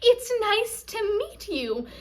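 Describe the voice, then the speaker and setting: A woman's voice: extremely high pitch, big pitch swings, slow pace, pitched above the performer's own voice, full character voice. A woman putting on a bubbly, overeager store greeter. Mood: chirpy. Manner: chirpy, sing-song, too happy. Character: overly cheerful female store greeter, bubbly and odd.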